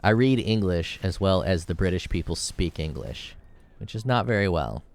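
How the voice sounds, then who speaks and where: Deep smooth-voiced man narrating gameplay. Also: animated, moderate pace. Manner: rambling, thinks aloud, joking and swearing. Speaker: gameplay video creator. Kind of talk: casual gameplay commentary.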